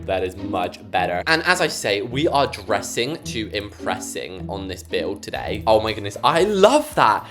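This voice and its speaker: A young British woman giving chatty, jokey gameplay commentary while building, with sudden loud squeals. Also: extremely low pitch. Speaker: gaming YouTuber. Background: background music.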